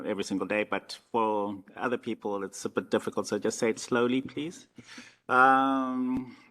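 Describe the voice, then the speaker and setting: Slow-speaking man announcing meeting rules. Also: medium pitch. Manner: measured, instructive, with fillers.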